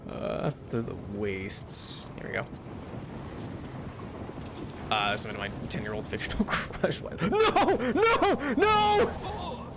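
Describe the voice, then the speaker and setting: Taking it slowly and pausing often, a man with a low-leaning, very animated voice chats while streaming a game over background noise and game music. He rambles with fillers and restarts, laughs a lot, and yelps loudly at in-game mishaps.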